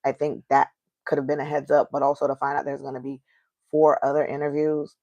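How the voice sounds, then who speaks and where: A woman's voice: extremely low pitch, flat delivery, fairly quick, dark tone, no room sound, dull audio. A woman in her thirties with an African American accent, venting candidly on her own podcast and asking rhetorical questions. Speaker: podcast host. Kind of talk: casual solo podcast monologue.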